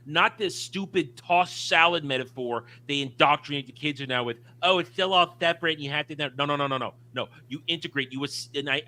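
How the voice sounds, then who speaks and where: Man, co-host, casual film discussion, emphatic and opinionated, bright tense voice. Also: on the high side. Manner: emphatic, opinionated, frequent restarts. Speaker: podcast co-host.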